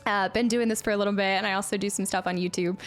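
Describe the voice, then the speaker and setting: A young woman streamer chatting casually with her viewers, bubbly and quick to laugh. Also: medium pitch, steady tone, faint music behind. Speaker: variety streamer. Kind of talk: casual live-stream chat.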